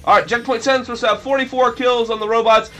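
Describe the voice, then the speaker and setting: Faint music plays behind a young let's play commentator whose very high, pushed, bright voice holds a steady tone at a fast clip. He rambles sarcastically about the game and erupts now and then in mock-dramatic bursts.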